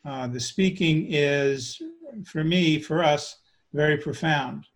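A man explaining his trance channeling in a soft, hesitant, casual way. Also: a little high, slow pace. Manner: soft-spoken, hesitant, lots of ums. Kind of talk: casual chat.

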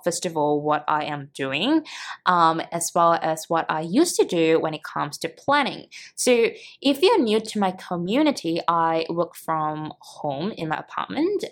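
Woman, from Singapore, podcast host, casual and upbeat, fillers, lowish voice. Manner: chatty and upbeat, with frequent fillers. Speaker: podcast host and business coach. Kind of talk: casual solo podcast talk.

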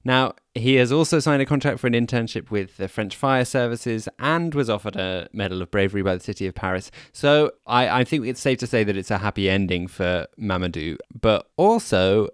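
A man's voice: lowish voice, brisk, hardly any pauses, clean tone, dry recording. A man co-hosting a podcast, chatting casually with dry, teasing humor. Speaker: podcast co-host. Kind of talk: casual chat.

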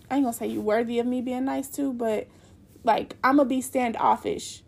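A woman's voice: a little high, steady tone, moderate pace, vocal fry, darkish tone. A young woman telling a personal story in a candid, rambling way, full of fillers.

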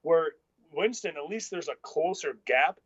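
A man co-hosting a casual sports podcast, arguing football picks bluntly and in rapid bursts. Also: fairly high pitch, animated, fairly bright tone, slightly rough, dry recording. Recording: dull lo-fi sound.

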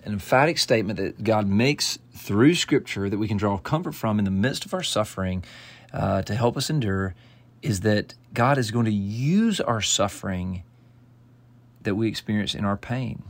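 A man giving devotional Bible teaching, earnest and emphatic, quoting scripture and often restarting phrases. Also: lowish voice. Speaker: pastor.

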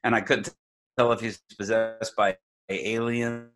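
A man's voice: lowish voice, level tone, measured pace, fairly bright tone. A man telling a personal faith story in casual conversation, rambling with many fillers and restarts. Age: adult.

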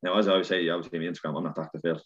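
Fast-talking husky Irish man. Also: sits low. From Ireland. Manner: animated storyteller, swears freely. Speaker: podcast guest. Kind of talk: casual chat. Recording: dull lo-fi sound.

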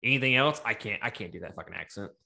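A man co-hosting a casual movie review podcast, talking in an animated, profane way and laughing often. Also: lowish voice, fast talker, gravelly. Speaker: podcast co-host.

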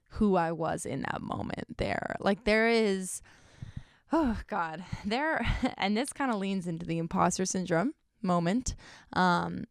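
A woman's voice: mid-range voice, creaky, clean tone, no echo, clean studio sound. A young woman talking to camera in a casual vlog, chatty and self-deprecating, filling her sentences with "like.". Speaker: YouTuber.

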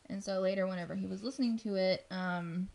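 Woman, gravelly fry, casual podcast storytelling, rambling, lots of fillers. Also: mid-range voice, steady tone, fast talker, a little mellow. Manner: rambling, full of ums and likes.

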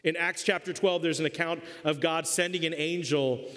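A male pastor preaching a sermon, telling the story in a lively, humorous way. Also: fairly high pitch, normal speed. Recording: long reverb of a church hall.

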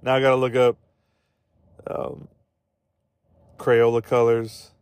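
A man's voice: mid-range voice, monotone, slow, clean tone, no echo. A man hosting a podcast in casual chat, rambling and swearing as he laughs at his own jokes. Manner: rambling, profane, laughs often. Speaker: podcast host.

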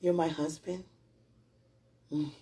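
A woman's voice: deep voice, flat delivery, slow, mellow, slightly rough. A woman giving an emotional personal testimony, talking straight to her partner in a heartfelt, rambling way with prayerful asides.

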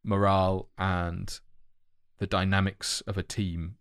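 A man's voice: low voice, flat delivery, takes it slowly, a bit bright, clear, resonant tone, no echo, studio quality. A man co-hosting a casual podcast chat, talking in loose, self-correcting ramble with many fillers. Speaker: podcast co-host.

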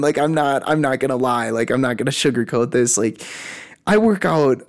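Young male podcast host, casual solo chat, mid-range voice, animated and rambling. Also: medium pitch, moderate pace. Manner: rambling, animated, lots of fillers and restarts. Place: lives at altitude in a mountain city.

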